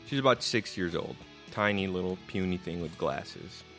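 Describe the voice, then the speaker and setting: Deep, gravelly-voiced male podcast host. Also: animated, moderate pace, fairly bright tone, faint music behind. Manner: rambling, profane, laughs at own stories. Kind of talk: casual storytelling chat.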